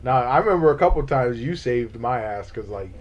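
A man hosting a casual chat, talking in a laid-back, slangy way and chiming in with quick agreement. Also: mid-range voice, expressive, muffled recording.

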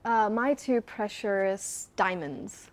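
A young woman from India, a guest chatting in a casual interview, bubbly and playful with quick answers. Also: mid-range voice, lively intonation, crowd noise.

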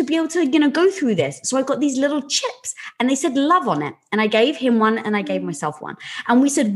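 A woman with a bright, fairly high voice that leaps up and down as she talks. Her tone is breathy and a little husky, and her stories come out animated and candid, with casual swearing along the way. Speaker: podcast guest. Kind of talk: candid conversational storytelling.

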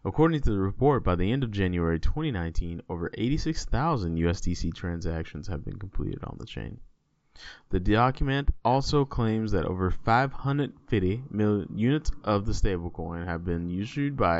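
A man with a lowish voice, co-hosting a casual podcast and chatting in a loose, joking, rambling way. The recording is dry and a little dull. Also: a little mellow, no echo. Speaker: podcast co-host. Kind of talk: casual chat.

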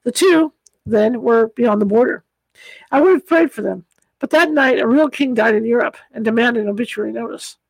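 A woman's voice: a little high, vocal fry, dry recording, poor audio. Woman reading a story aloud, dry sound. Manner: measured storytelling. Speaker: audiobook reader. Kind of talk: audiobook reading.

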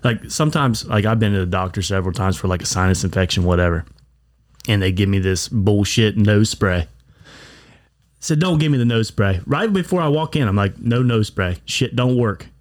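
A man's voice: lowish voice, fairly quick, no room sound, clean studio sound. Crude, blunt man telling a story. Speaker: podcast co-host. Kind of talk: casual storytelling chat. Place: bar.

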